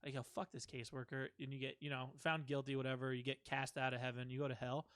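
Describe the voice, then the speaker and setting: A man's voice: medium pitch, fast, clean tone, no echo. A man co-hosting a casual comedy podcast, telling profane stories and acting out the lines of people in them. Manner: animated, profane storytelling with acted-out quotes. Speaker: podcast co-host.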